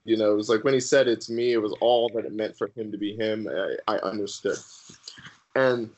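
A man guest on a podcast sharing his personal faith testimony in an earnest, halting way with many fillers. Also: on the low side, dull audio.

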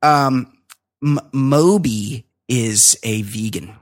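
A man's voice: mid-range voice, drawn-out words. A man hosting a podcast, chatting casually in long, rambling, profane rants. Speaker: podcast host.

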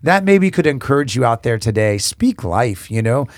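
A man of middle pitch reads a passage aloud and then reflects on it, speaking in an encouraging way to listeners. His voice sits dry and close to the mic. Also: big pitch swings, moderate pace, no room sound. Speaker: co-host of a devotional talk. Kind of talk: casual Bible discussion.

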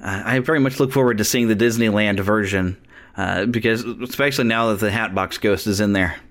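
Chatty, excitable male podcast host. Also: on the low side. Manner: eager, chatty, quick to laugh. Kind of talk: casual chat.

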